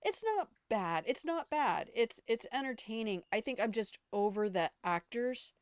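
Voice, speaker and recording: A woman's voice: fairly high pitch, big pitch swings, measured pace, smooth, dry recording, studio quality. An older woman chatting casually while streaming a game, blunt and opinionated, swearing freely and rambling from one aside to the next. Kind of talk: casual gameplay commentary.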